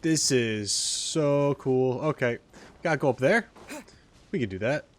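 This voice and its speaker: A man streaming a game in casual let's-play commentary, excitable and rambling, talking to his viewers. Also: mid-range voice, a little slow. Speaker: gaming streamer. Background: faint game music.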